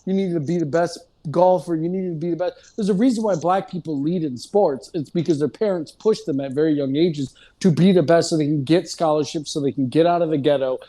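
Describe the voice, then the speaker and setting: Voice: medium pitch, brisk, few pauses, mellow. A podcast host in a casual discussion, talking frankly and bluntly and often laughing.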